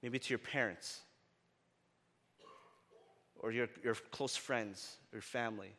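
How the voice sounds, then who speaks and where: A male pastor preaching a sermon in a casual, conversational way, often rising for emphasis. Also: takes it slowly. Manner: animated, often rising in pitch and loudness for emphasis; conversational with fillers like "right?" and "like". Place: church. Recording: long reverb of a church hall.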